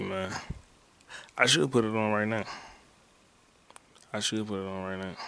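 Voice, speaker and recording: A man with a low, somewhat bright voice hosts a solo podcast from home in a loose, rambling style, swearing and breaking into frequent laughter. A loud game console sits nearby.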